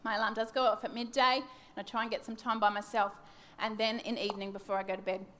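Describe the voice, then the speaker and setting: A woman's voice: mid-range voice, little pitch movement, quick pace, a bit bright, a little hiss or hum. A woman in her thirties giving a devotional teaching talk, candid and self-mocking, acting out her own wandering thoughts. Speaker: church teacher.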